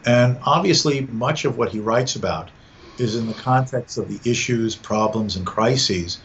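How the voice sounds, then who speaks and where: Speaking a little slowly at medium pitch, a man on a podcast talks through ideas, repeating words as he gathers his thoughts. It's a dull lo-fi recording with faint background noise.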